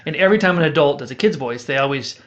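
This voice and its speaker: A man's voice: a little high, very fast. A man hosting a casual podcast chat, telling stories animatedly and breaking into character voices. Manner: animated storytelling, demonstrating voices. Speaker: podcast host and audiobook author.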